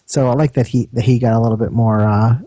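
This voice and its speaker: A man's voice: medium pitch, steady tone, quick pace, dark tone, dry recording. A man co-hosting a podcast, chatting casually about a movie with hesitant phrasing and many fillers. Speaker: podcast co-host. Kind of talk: casual chat, movie review.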